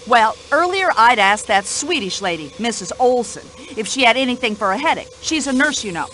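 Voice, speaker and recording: A woman's voice: fairly high pitch, very animated, fairly quick, fairly bright tone, a little hiss or hum, rough recording. A woman voicing a talkative, indignant older widow in a radio play, speaking. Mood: gossipy. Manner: indignant, chatty, complaining.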